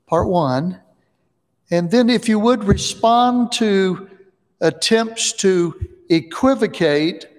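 A man moderates a church forum and poses his questions deliberately, at a very slow pace. His voice sits somewhat high, and the sound rings with the long reverb of a large hall.

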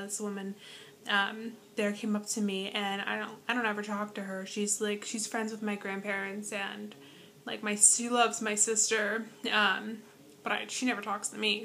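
A young woman vlogging casually from her bedroom into an iPad, rambling with lots of "like" and soft whispered asides. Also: mid-range voice, a little hiss or hum. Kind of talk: casual chat to camera. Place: bedroom at home. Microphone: iPad propped on bed.

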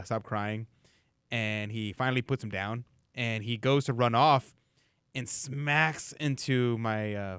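Relaxed talk radio host man, smooth voice. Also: medium pitch, no echo, studio quality. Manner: relaxed storytelling, reads listener messages. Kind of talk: casual talk radio chat.

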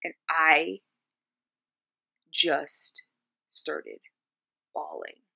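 Soft-spoken woman, halting and searching. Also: low voice, huge pitch swings, creaky, husky. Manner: halting, searching for words, frequent fillers. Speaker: vlogger. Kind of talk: personal storytelling to camera.

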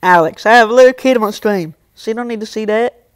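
A man's voice: sits high, fast talker, clean tone, dry recording. A young man live streaming, reading and answering his chat in casual talk, scolding some viewers and joking with others. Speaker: livestreamer.

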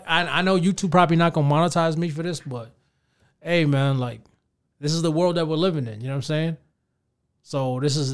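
Podcast host, man, thirties, high register, casual profane rant delivered straight to listeners. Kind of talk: casual ranting commentary.

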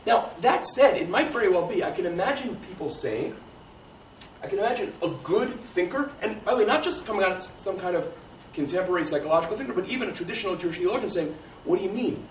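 A man with a fairly high voice teaches in a lecture, talking things through in a conversational, thinking-aloud way. He's picked up from a distance in an echoey room with a faint hiss underneath. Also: animated, fast talker. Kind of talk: lecture answering audience questions.

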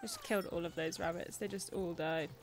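A woman's voice: on the low side, huge pitch swings, brisk. A woman hosting a game livestream, joking and bantering with her chat in casual let's-play commentary. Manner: playful, jokey, bantering with chat. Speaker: streamer and show host.

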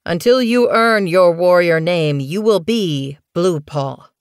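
A woman's voice: fairly low pitch, slow, clear, resonant tone, no echo, clean studio sound. A woman voicing a stern male cat clan leader speaking formally in a storybook. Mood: solemn. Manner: formal, ceremonial delivery.

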